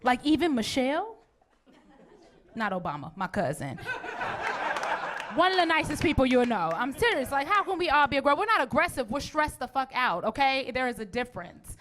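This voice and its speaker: A woman's voice: sits high, sing-song, fairly quick, fairly bright tone, slight background noise. A woman in her forties performing a brash, profane stand-up comedy routine with a punchy delivery. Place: comedy stage.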